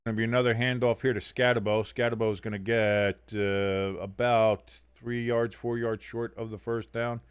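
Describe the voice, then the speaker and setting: A man's voice: on the low side, little pitch movement, moderate pace, hardly any pauses, clear, resonant tone, no echo, highs cut off. A man hosting a casual football watch-along stream, calling plays and reading chat aloud with sardonic, profane humor. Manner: sardonic, swears a lot, reads chat aloud. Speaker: sports stream host.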